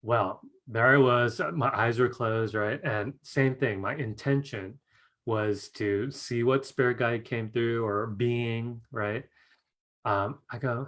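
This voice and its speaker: A man with a medium-pitched, fairly bright voice teaches a live online class at a measured pace. His style is chatty; he often asks "right?" and laughs while telling an anecdote.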